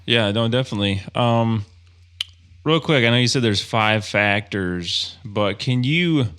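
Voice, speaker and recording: A man's voice: medium pitch, a little slow, a bit bright, smooth. A man hosting a podcast interview, talking casually and thinking aloud with plenty of fillers. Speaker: podcast host.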